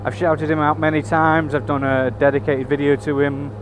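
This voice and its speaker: Over engine and road noise, a motorcycle vlogger riding in city traffic chats into his helmet mic at a moderate pace. His voice is a little high and level, and he swears liberally with wry remarks along the way.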